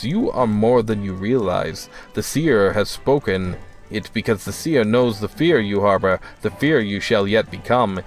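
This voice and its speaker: Man reading a cryptic male seer, solemn, prophetic, low voice.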